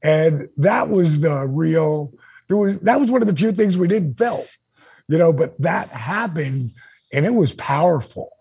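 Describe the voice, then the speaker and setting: A man's voice: on the high side, a little slow, husky, dry recording. A man co-hosting a podcast, telling a story in casual chat and acting out the dialogue with energy. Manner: animated, acts out quoted dialogue. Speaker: podcast co-host.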